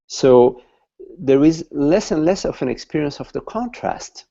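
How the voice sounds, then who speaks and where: Gravelly halting man teaching. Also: on the high side, lively intonation, dark tone, muffled recording. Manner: slow, halting, repeats words while searching for them. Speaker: spiritual teacher. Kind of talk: satsang talk.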